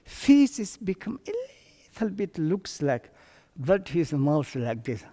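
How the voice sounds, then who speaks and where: Slow, halting man teaching in a reverberant hall. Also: a little high, very animated, dark tone. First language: Tibetan. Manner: broken non-native English, halting restarts. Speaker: Buddhist teacher. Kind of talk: dharma teaching.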